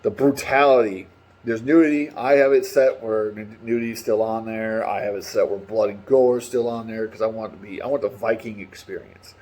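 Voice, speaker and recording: A man talking casually and excitably about a game, swearing freely and rambling between stories. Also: fairly low pitch, a little fast. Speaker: gaming vlogger. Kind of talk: casual opinion chat.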